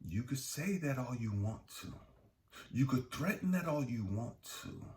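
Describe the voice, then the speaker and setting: A man's voice: medium pitch, lively intonation, a little slow, a little mellow, a little hiss or hum. A man hosting a self-help channel, giving a blunt, heavily profane, preachy motivational monologue.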